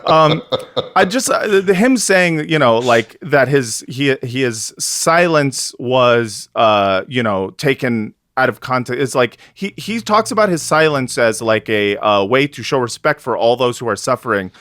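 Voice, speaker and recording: A man hosting a casual podcast, talking in a halting way full of fillers and restarts, often laughing. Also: mid-range voice, animated, fairly bright tone, dry recording, clean studio sound. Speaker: podcast host.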